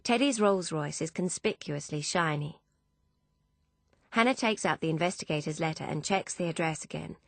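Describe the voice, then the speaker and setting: A woman narrating a novel in the first person, measured and even. Her voice sits low and is recorded close, with a dry studio sound and no room around it. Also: gravelly, no echo. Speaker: audiobook narrator.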